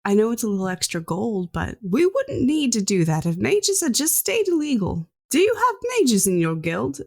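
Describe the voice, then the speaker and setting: A woman's voice: on the high side, wildly swooping pitch, moderate pace, pitched above the performer's own voice, full character voice. A woman voicing a defensive, exasperated half-elf female mage. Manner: terse, exasperated.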